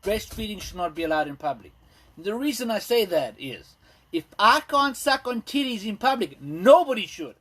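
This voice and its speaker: Rambling stand-up man, slightly high voice. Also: a bit bright. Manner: rambling, self-deprecating, lots of ums and pauses. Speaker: stand-up comedian. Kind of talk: stand-up set streamed live. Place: indoors at home.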